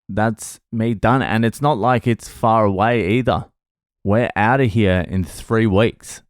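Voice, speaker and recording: A middle-aged man, a comedian, tells a story to camera in a casual vlog with a sardonic, profane edge. His voice is deep and resonant, and he takes an unhurried pace. The sound is dry and close, with no room echo. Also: smooth.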